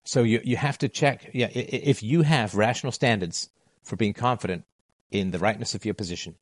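A man's voice: lowish voice, fairly quick, no room sound, clean studio sound. A middle-aged man holding forth in a monologue on philosophy, emphatic and repeating his key phrases. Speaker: philosophy talk host. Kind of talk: monologue to listeners.

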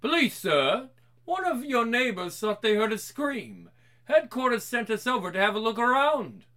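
Brief: reader plays a courteous cop, formal, slightly higher pitch. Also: very animated, moderate pace, fairly bright tone. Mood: calm. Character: polite, puzzled police officer.

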